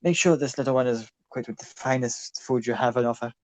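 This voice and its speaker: A man voicing a smooth male bard who speaks in a soft, lordly baritone. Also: quick pace, no echo, natural voice. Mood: suave. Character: smooth male bard musician, grandly generous.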